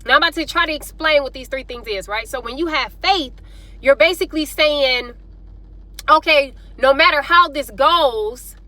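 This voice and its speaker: A woman's voice: high voice, sharp tone, dry recording. A young woman giving casual faith-based advice to her viewers in a chatty, informal way. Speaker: vlogger.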